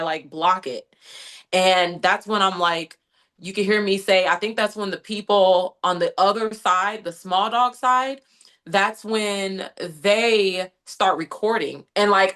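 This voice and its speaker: A young adult woman from the United States, an interview guest who tells her story in an animated way and keeps quoting her own thoughts. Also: medium pitch. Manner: animated storytelling, frequent "like" and quoted inner thoughts. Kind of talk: conversational interview recounting an incident.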